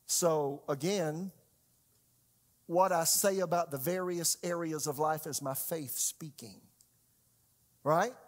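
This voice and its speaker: A man preaching a conversational sermon, asking his congregation frequent rhetorical questions and swinging between loud and hushed delivery. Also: on the high side, slow pace, long pauses. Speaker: pastor.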